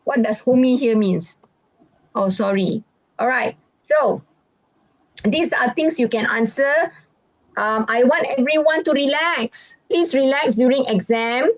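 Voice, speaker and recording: A woman's voice: sits high, unhurried, no room sound. A woman, teaching a live online exam-prep lesson in a chatty, reassuring way and acting out sample answers. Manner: chatty and reassuring, reads out student questions, acts out sample answers. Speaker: English teacher. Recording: dull, dry, lo-fi recording.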